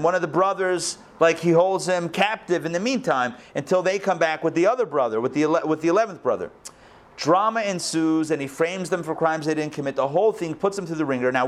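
A man teaching a live Torah class as a rabbi, telling the story with lively, acted-out lines. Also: a little high. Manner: animated storytelling, acts out quoted lines. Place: school hall, recorded live.

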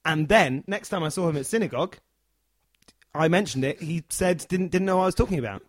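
A man telling a funny story in a casual chat, animated and acting out the people in it. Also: fairly high pitch, fairly quick, dry recording. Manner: animated, acts out the characters.

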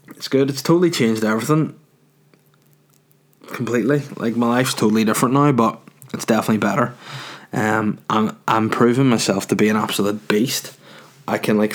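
A man in his thirties, a stand-up comedian, chatting casually while answering viewer questions, swearing freely and ranting with self-mocking humor. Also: lowish voice. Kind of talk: casual chat.

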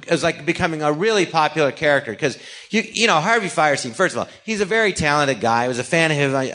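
A middle-aged man telling stories in a casual chat, acting out the people in them with quick voices. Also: fairly high pitch. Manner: animated, does voices of people in his stories. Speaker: podcast guest. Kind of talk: casual storytelling.

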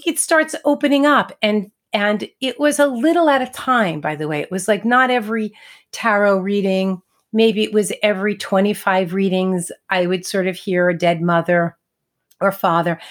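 A middle-aged woman co-hosting a podcast, telling a personal story in a chatty, casual way, acting out what people said. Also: medium pitch. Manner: chatty, laughs between thoughts, acts out quotes. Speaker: podcast co-host and medium.

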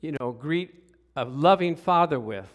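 A middle-aged man preaching a sermon, telling stories with hushed asides and sudden loud exclamations, and calling out for responses from the congregation. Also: a little high, a little slow. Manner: animated storytelling, swings from hushed to loud exclamations. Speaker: pastor.

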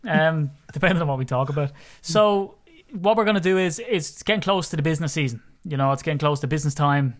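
A man's voice: a little high, quick pace, few pauses. An Irish man co-hosting a podcast, chatting casually and teasing his partner with jokey banter. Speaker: podcast co-host.

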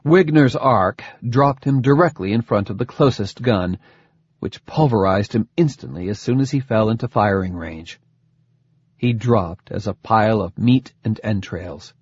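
Man reading a story, husky voice. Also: lowish voice, measured pace, no echo. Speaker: audiobook reader. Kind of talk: scripted narration. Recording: dull dry lo-fi recording.

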